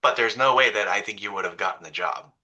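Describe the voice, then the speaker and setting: Man with a sharp, bright voice, mid-low pitch, conversational co-host on a video call. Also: quick pace, poor audio. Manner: conversational, tells anecdote from work. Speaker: co-host, marketing professional. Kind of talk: casual conversation.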